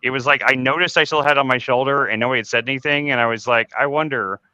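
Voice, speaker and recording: A man's voice: medium pitch, fairly even intonation, racing, sharp tone, clear, resonant tone, dry recording, lo-fi sound. A man in his forties hosting a casual group podcast, telling stories candidly and rambling through restarts, cursing when he gets worked up. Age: 40s. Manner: candid, rambling confessional storytelling with many restarts; swears freely when reliving anger. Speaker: podcast host.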